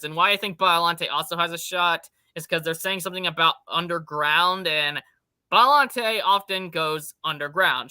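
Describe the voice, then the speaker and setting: A man's voice: a little high, bright, forceful tone, clear, resonant tone, no room sound. A young man hosting a casual podcast chat, rambling enthusiastically and swearing casually. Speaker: podcast host.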